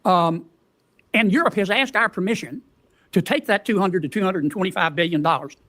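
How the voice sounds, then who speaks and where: High-voiced man asking leading questions. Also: sharp tone. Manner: leading questions, folksy, halting. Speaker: questioner at a hearing. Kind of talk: formal hearing questioning.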